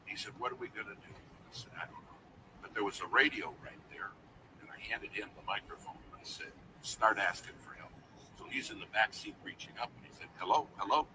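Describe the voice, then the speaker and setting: A man's voice: fairly low pitch, a little fast, recorded from a distance, noisy background. A man preaching a sermon through a dramatic personal story, dropping to a near whisper at the tense moments.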